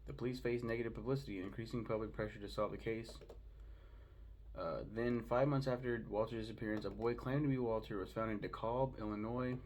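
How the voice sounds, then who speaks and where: A man hosting his own review show from home, rattling off thoughts quickly and cursing as he goes. His voice sits low, with a faint hiss of noise under it. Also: fairly even intonation, a little mellow. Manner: profane, rambling, fast-talking. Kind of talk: casual solo review monologue.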